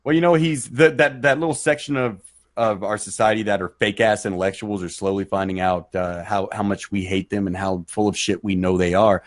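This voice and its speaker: Fast-talking profane man. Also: fairly low pitch, fairly even intonation. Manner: profane, confrontational call-outs. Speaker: guest panelist. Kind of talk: heated live-stream banter.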